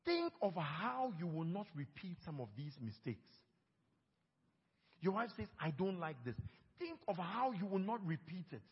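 A man preaching a sermon on marriage, lively, and he acts out quoted couples in small put-on voices. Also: a little high, slightly rough. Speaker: pastor. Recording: dull sound with long hall reverb.

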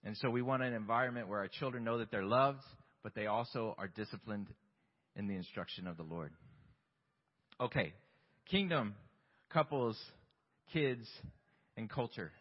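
Male pastor, husky mid-range voice, candid self-deprecating sermon, echoing church hall. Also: fairly low pitch, lively intonation, normal speed, pauses often. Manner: candid, self-deprecating, asks rhetorical questions. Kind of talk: conversational sermon. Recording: long hall reverb, dull lo-fi sound.

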